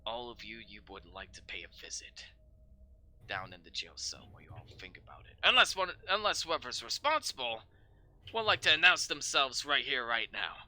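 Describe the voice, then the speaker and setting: A furious middle-aged sergeant, put on by a man running a tabletop game, barking threats and curses with a bright, hard edge. His pitch swings widely as he rages at the people under his command. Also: very animated, moderate pace, hardly any pauses. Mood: menacing. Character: gruff angry middle-aged male sergeant.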